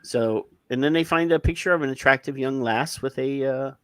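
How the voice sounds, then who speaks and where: A man reads news aloud on a casual podcast, breaking off into blunt, rambling asides and frequent restarts. His voice sits at an average pitch and is recorded dry and close to the mic, with no room sound. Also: moderate pace, fairly bright tone, clean tone, no room sound. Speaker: podcast co-host. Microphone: headphones and studio mic.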